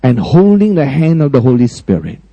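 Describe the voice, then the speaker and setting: A man preaching a sermon emphatically, often questioning his listeners and swinging between high, raised lines and low, quiet ones. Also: very animated, normal speed, no echo, muffled recording. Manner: frequent direct questions to the congregation.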